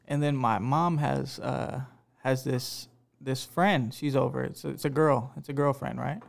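A man's voice: mid-range voice, fairly even intonation, a little slow, gravelly. A man in casual banter, needling and teasing his friends.

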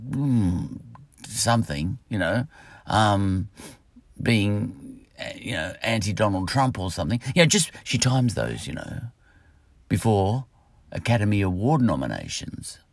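A man's voice: on the low side, very animated, a little slow, gravelly, no echo. A man with an Australian accent, rambling through a solo podcast monologue, full of fillers and asides. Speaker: podcast host.

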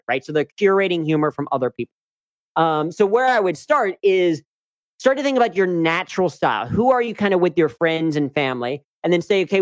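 A man's voice: sits high, no room sound. Upbeat chatty man, dry close sound. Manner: upbeat, chatty, frequent "right?" asides. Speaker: guest, humor coach and speaker. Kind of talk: casual interview talk.

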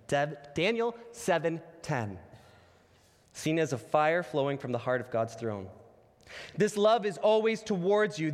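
A man preaching a conversational Easter sermon, retelling stories and dropping soft and low when he quotes God. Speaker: pastor. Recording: long hall reverb.

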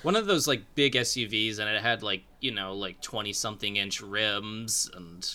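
A man co-hosting a casual podcast, talking excitedly about fights with lots of laughter and filler words. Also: on the low side, moderate pace. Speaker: podcast co-host. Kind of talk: casual recap chat.

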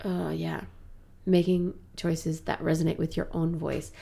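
Brief: woman in her thirties, improv actor type, gravelly edge to the voice, animated storyteller. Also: deep voice, unhurried. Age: 30s. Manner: animated storyteller, laughs often. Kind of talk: casual chat.

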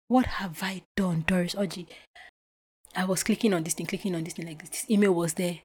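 A woman's voice: on the low side, fairly quick, breathy edge. A young adult woman from Nigeria hosting a podcast, telling a personal story with emotion and acting out what was said. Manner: animated, emotional retelling with acted-out quotes. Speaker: podcast host.

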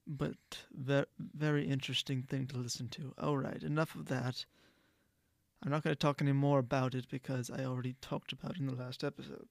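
Male podcast host, gravelly tone, rambly delivery with lots of restarts, dry close sound. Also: mid-range voice, little pitch movement, moderate pace, no room sound. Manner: rambling, frequent restarts and self-corrections. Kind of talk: casual solo podcast talk.

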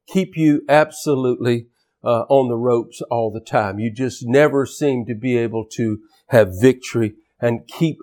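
A man's voice: medium pitch, darkish tone. A man preaching a sermon in an emphatic style, often repeating words and restarting phrases. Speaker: pastor.

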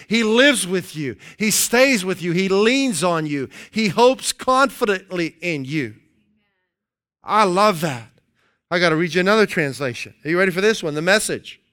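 A man preaching with a high, smooth, resonant voice. He leans hard on key phrases, repeats them, and slows right down when reading scripture. Between readings he drops in playful asides and chuckles at his own jokes. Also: fairly bright tone. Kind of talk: sermon.

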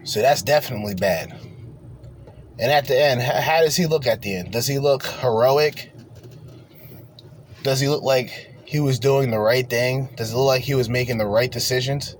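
A man's voice: medium pitch, moderate pace, slight background noise. A man hosting a reaction commentary, ranting in a profane, confrontational way. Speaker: commentary host.

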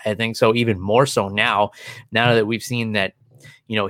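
A man's voice: on the low side, sharp tone, no echo. A man talking casually about a fight, full of restarts and fillers as he thinks aloud. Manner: fast, rambling, many restarts and fillers. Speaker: MMA analyst guest. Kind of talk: casual podcast chat.

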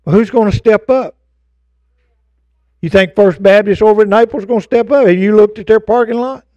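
A man's voice: sits high, steady tone, a little fast, dark tone, no room sound, muffled recording. An older man preaching a fervent sermon to his congregation, with folksy asides. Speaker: pastor. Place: church sanctuary.

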